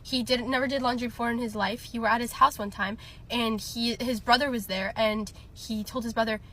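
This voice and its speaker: A woman's voice: a little high, fairly even intonation, a little fast, fairly bright tone, slight background noise. A young woman telling a personal story in a casual storytime, chatty, laughing often and filling with lots of ums and likes.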